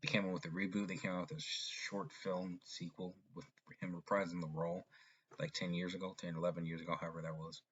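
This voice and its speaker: A deep-voiced man talks through a film in a casual, rambling review, restarting his sentences as he goes. His voice is husky. The recording sounds dull and lo-fi. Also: level tone, fast talker, fairly bright tone. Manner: rambling, with frequent restarts and fillers.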